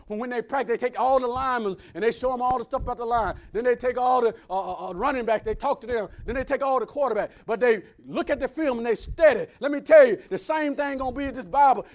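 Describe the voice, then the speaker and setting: High-voiced preacher, loud then hushed. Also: male voice. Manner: swings between loud preaching and hushed asides. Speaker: pastor. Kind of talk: sermon.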